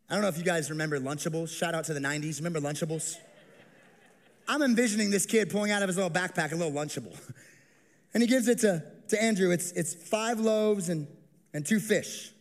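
Animated high-voiced pastor in a reverberant hall. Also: male voice, fast talker. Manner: animated storyteller, acts out characters with humor. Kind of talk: sermon. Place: church stage with long reverb.

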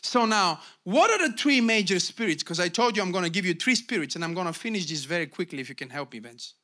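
This middle-aged man preaches as a pastor, fast and expressive, calling out to the congregation with emphasis. His delivery moves from low asides up to shouted climaxes.

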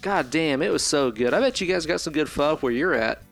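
A man's voice: a little high, expressive, fairly quick, vocal fry, soft background music. A young man hosting a podcast in loose, casual chat. He rambles, curses freely and laughs easily. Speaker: podcast host.

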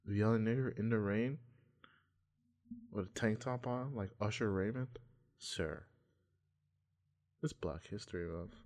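A man's voice: fairly low pitch, a little mellow. A man rambling through a casual monologue, offhand, meandering and full of swearing.

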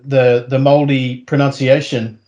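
A man's voice: mid-range voice, level tone, moderate pace, darkish tone, muffled recording. A man with an Australian accent co-hosting a podcast, chatting in an easygoing way over a video call. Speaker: podcast co-host.

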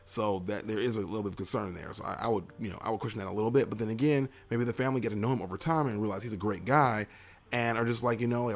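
A man's voice: on the low side, rapid-fire. A man hosting a podcast, giving loose, rambling advice and then freestyle rapping, self-mocking as he goes. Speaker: podcast host. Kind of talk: casual advice talk and freestyle rap. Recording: hip hop beat playing underneath.

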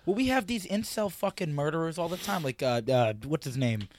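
A man's voice: on the high side, big pitch swings, a little fast, slight background noise. A man co-hosting a podcast, crude and jokey in a casual chat. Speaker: podcast co-host.

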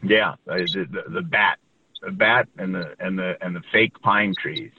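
A man from New York, a guest in a casual interview, recalling the past with halting restarts and fond asides. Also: deep voice, fairly even intonation, slight background noise. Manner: rambling, halting, full of restarts and warm recollection. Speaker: guest recalling a childhood acting career. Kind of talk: casual interview over a call. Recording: tinny phone-like line.

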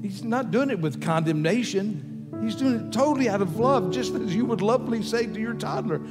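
A man's voice: high-pitched, expressive, a little fast, hardly any pauses. A man preaching a sermon in a conversational way, repeating his key phrases for emphasis. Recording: long hall reverb with faint music.

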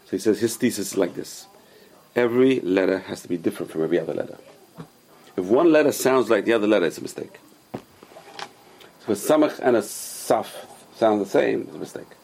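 A man's voice: on the low side, lively intonation, a little fast, gravelly, long pauses, a little mellow, husky. A man, a rabbi, teaching a class and explaining patiently with many examples and questions.

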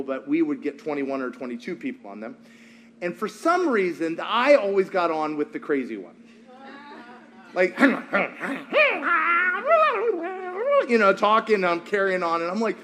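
A man preaching a sermon to a congregation, telling stories with animated, acted-out quotes. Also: sits high. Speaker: pastor.

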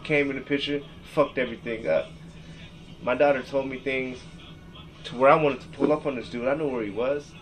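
A man's voice: medium pitch, fairly even intonation, a little fast, faint music behind, rough recording. A man in his thirties from Seattle hosting a podcast, ranting with heavy profanity, rambling and reading his text messages aloud. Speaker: podcast host. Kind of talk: emotional rant.

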